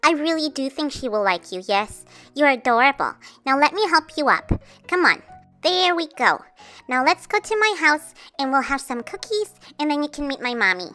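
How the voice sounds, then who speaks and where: A woman's voice: high-pitched, sing-song, moderate pace, pushed and bright, soft background music, voice pushed down, heavily acted. A woman voicing a caring, cheerful girl doll who comforts and reassures. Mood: kind. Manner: soothing, reassuring.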